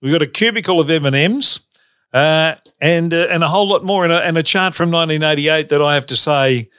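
A man's voice: on the high side, fairly bright tone, smooth, no room sound, clean studio sound. An Australian man hosting a radio show, chatting in a rambling, easygoing way. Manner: chatty, rambling, quick to laugh. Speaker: radio host. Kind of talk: casual radio chat.

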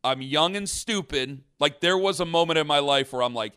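A man casually telling a long story on a podcast, rambling and animated, with many restarts. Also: on the high side, normal speed, clean tone. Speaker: podcast host.

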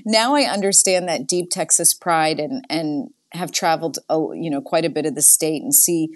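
A woman in her forties from the Boston area, a guest in a casual interview, telling stories with quick laughs and acting out quoted lines. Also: deep voice. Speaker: guest, nonprofit CEO.

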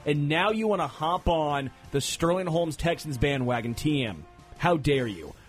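A man hosting a sports talk show, making picks and teasing his co-hosts with animated, excitable banter. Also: a little high, moderate pace, soft background music.

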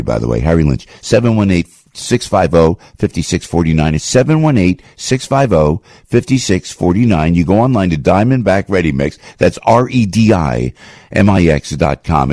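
A man's voice: low voice, a little mellow, no echo. A man from the New area hosting a radio show, reading ads and chatting in a jokey, rambling way. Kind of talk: casual radio chat and live ad read. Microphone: studio microphone.

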